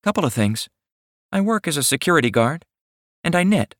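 A man voicing a shy, sweet young woman in her late twenties with a soft, breathy drawl in an audiobook. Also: fairly high pitch, big pitch swings, brisk, no echo, studio quality, pitched above the performer's own voice. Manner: hesitant and shy. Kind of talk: audiobook narration.

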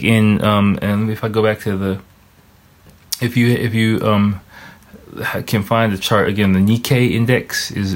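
Very low-voiced man rambling and swearing. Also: vocal fry. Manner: rambling, heavy swearing, thinking aloud; stops to search charts online while talking. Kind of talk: casual monologue.

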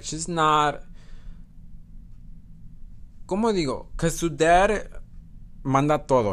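A man hosting a solo podcast, chatting casually, swearing often and correcting himself as he goes. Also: medium pitch. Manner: profane, code-switches into Spanish, self-correcting. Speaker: podcast host.

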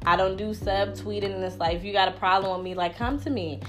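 A young woman talking casually on a podcast about friendships, loud and blunt, swearing freely and acting out what others say. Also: medium pitch, fast, soft background music. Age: young adult. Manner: loud, blunt, profane, animated storytelling. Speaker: podcast panelist. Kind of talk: casual chat.

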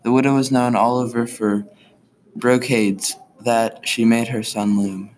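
A man reading a folktale aloud as a storyteller, in a gentle, unhurried way, with the characters' quoted lines read in. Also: mid-range voice, steady tone, slight background noise, poor audio. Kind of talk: storybook narration.

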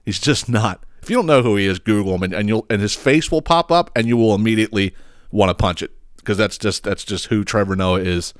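A man hosting his own podcast in a casual, ranting way. His voice sits low and his delivery is blunt, profane and exasperated. The sound is dry and close, with no room around it. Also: a little fast, smooth, dry recording. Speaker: podcast host.

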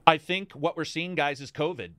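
A man hosting a casual talk stream about video games, rambling and animated, talking to his chat. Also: on the high side, normal speed, no echo, clean studio sound. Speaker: host.

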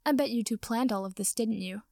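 A woman voicing an indignant, haughty young male wizard who rants and accuses, with a gravelly edge in her voice. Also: on the high side, fairly quick, warm tone, no echo, clean studio sound. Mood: ranting. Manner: ranting, accusing, melodramatic.

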